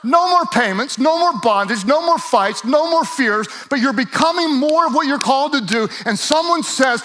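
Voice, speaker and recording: A man with a high, light voice preaches a lively sermon to a live audience. He acts out little voices in playful asides, then climbs into loud, emphatic shouting. He sounds like he is speaking in a large hall. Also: moderate pace, few pauses. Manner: energetic, builds to shouting. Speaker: pastor.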